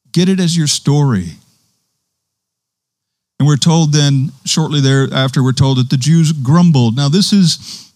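A man's voice: mid-range voice, a little mellow, no room sound. Man preaching a conversational sermon, dry sound. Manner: conversational preaching, quotes scripture with emphasis.

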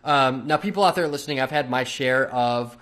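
A man's voice: medium pitch, fairly quick, fairly bright tone. Man telling a story on his podcast. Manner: loose, chatty, with frequent fillers and casual swearing. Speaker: podcast host. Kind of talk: casual storytelling monologue.

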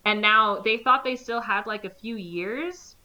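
A woman's voice: a little high, measured pace, highs cut off, crowd noise. A young woman casually recapping a movie plot, rambling with lots of "like" and acting out the characters' lines.

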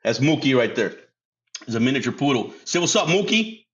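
A man's voice: medium pitch, big pitch swings, brisk, fairly bright tone. A man hosting a casual solo podcast. He laughs often, swears freely and drops Spanish words into his English. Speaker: podcast host. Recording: dull lo-fi sound.

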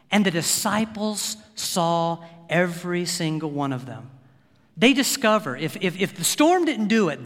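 A man preaching a sermon as pastor, animated, with his voice climbing for emphasis. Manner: animated, rising pitch for emphasis, laughs often. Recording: hall reverb.

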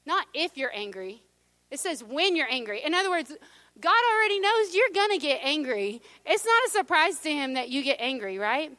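A middle-aged woman preaching a sermon, conversational and humorous, dropping to a hush at times. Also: high voice, no room sound. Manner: conversational, humorous, drops to a hush for God's whisper. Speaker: pastor.

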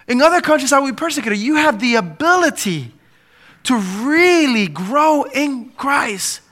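A male pastor preaching an impassioned sermon in a church. His voice sits very high for a man and rings bright and forceful. He reads scripture aloud and presses his congregation with rising emphasis. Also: lively intonation, measured pace.

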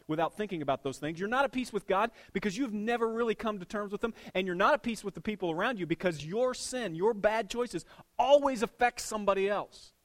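A middle-aged man preaching a sermon, swinging between loud bursts and hushed asides, with a dad's jokes about his daughter. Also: sits high, lively intonation, fast talker. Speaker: pastor.

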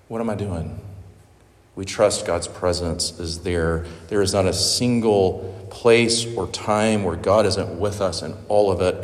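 A man preaching a sermon, earnest and emotional, halting with fillers. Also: sits low. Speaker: pastor. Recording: echoey hall with long reverb.

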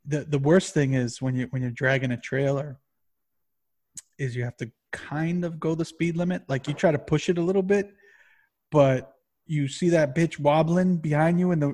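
A man co-hosting a podcast in casual chat, rambling and swearing constantly in an animated way. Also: a little high. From Massachusetts. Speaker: podcast co-host.

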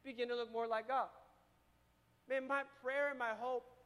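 Male pastor, very high voice, energetic sermon with congregation prompts, long hall reverb. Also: normal speed, clear, resonant tone. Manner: energetic, calls on the congregation to repeat.

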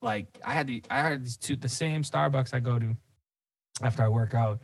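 Male podcast co-host, rambling profane rant, mid pitch, dry and slightly off-mic. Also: moderate pace, dry recording, recorded from a distance. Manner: profane, rambling, says dude a lot.

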